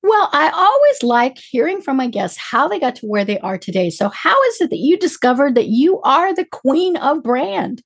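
A woman hosting a business interview show, bubbly and enthusiastic, talking through a squeaky, strained voice. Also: big pitch swings, normal speed, few pauses. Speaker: podcast host.

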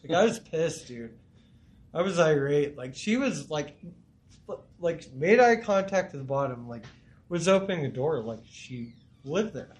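A man's voice: fairly high pitch, a little slow. A man co-hosting a podcast, telling stories in casual, profane chat. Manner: profane animated storytelling. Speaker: podcast co-host.

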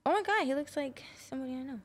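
Animated young woman telling a wild story. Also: high-pitched, very fast, over a noisy crowd. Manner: animated, crude, acts out quoted voices. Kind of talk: casual storytelling chat.

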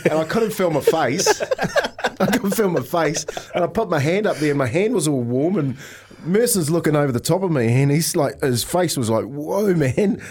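A man on a radio studio mic spins a golf story in easy chat, his voice sitting a little higher than most men's. He laughs his way through the tale. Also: animated, moderate pace, a little mellow, slightly rough. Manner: laughs often while telling stories. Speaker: radio co-host. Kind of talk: casual studio chat, telling anecdotes.

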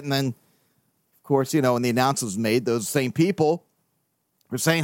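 A man's voice: medium pitch, brisk, pauses often, dry recording. Loose, rambling man with a dry sound. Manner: loose, rambling, swears casually, laughs often. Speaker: podcast host reading listener emails. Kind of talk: casual solo podcast chat.

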